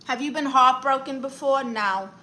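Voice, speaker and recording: A woman's voice: sits high, sharp tone, low-quality recording. Sassy Brooklyn woman chatting on stream. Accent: New York. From Brooklyn, New York. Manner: sassy, playful, quick comebacks. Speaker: comedian live-streaming with viewers. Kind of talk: casual live-stream chat, reading viewer comments.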